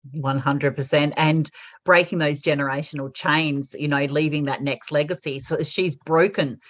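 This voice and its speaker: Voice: mid-range voice, steady tone, normal speed, a bit bright. A podcast host interviewing a guest, giving brief affirming replies and reflections.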